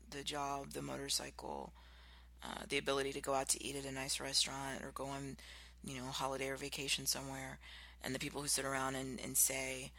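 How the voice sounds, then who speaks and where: A podcast host giving an animated motivational talk, acting out contrasting example voices. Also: mid-range voice, gravelly.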